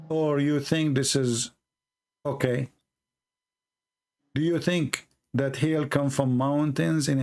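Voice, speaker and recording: A man hosting a combative debate, pressing his caller with sarcastic, slowly repeated questions. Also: on the high side. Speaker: debate host. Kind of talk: combative live call-in debate.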